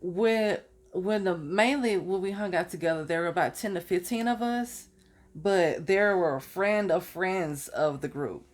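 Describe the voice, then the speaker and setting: Speaking at a measured pace with a fairly low-pitched voice, a young adult woman recounts college-era stories for her vlog. Her tone is casual and chatty, and at times she laughs at her own anecdotes.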